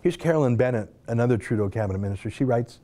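Male commentator, mellow tone, very lively sarcastic delivery for opinion monologue. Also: medium pitch, racing. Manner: sarcastic, mocking, scoffs and laughs while reading. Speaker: political commentator. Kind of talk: opinion monologue reading tweets aloud.

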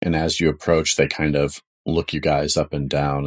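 A man with a very deep, husky voice narrates as game master. He describes scenes in a relaxed, wry way, with plenty of casual fillers. His tone stays easygoing as he sets up each moment. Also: moderate pace.

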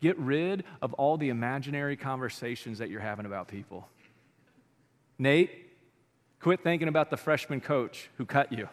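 A man's voice: mid-range voice, animated, normal speed. A man preaching a sermon as pastor, talking to the congregation in a casual, conversational way. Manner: conversational and colloquial, addressing the congregation directly. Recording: long reverb of a large hall.

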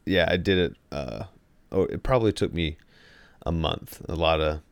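A man's voice: rumbling low, moderate pace, smooth, dry recording. A man co-hosting a podcast, chatting casually and jokily, rambling with plenty of fillers and restarts. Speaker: podcast co-host. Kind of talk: casual comedic chat.

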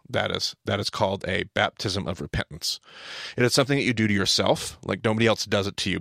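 A man's voice: on the low side, gravelly, a bit bright, dry recording, clean studio sound. A man hosting a podcast, explaining things in a casual teaching style, emphatic and often correcting himself mid-sentence.

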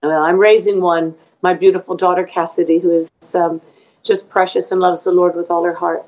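A woman's voice: fairly low pitch, little pitch movement, normal speed, darkish tone, rough recording. A middle-aged woman being interviewed as an author, speaking earnestly and emotionally about faith, often repeating words as she goes.

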